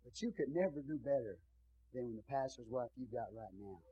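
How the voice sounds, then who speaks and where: A man's voice: mid-range voice, animated, brisk, breathy edge, dry recording, muffled recording. A male pastor preaching and praying before his congregation, talking in a folksy, chatty way with asides to the people in the pews. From Texas. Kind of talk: sermon and prayer.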